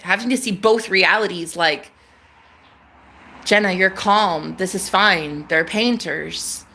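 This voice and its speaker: A young woman hosting a livestream, telling a rambling story in a casual, animated way, swearing and swinging between loud outbursts and hushed murmurs. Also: mid-range voice. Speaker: livestream host.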